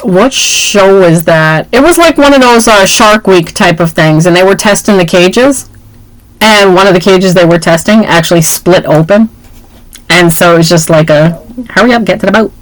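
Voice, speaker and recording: A woman co-hosting a casual movie chat, playful and animated, joking around as she talks. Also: on the low side, moderate pace, dry recording, low-quality recording. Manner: playful, animated, jokes and puts on voices. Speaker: podcast co-host.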